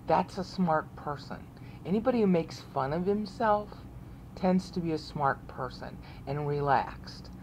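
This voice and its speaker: A woman's voice: low-pitched, a little hiss or hum. A woman casually walking viewers through online resources, rambling, repeating herself and often asking "okay?". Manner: rambling, repeats words, frequent "okay?" check-ins. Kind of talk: casual screen-share walkthrough.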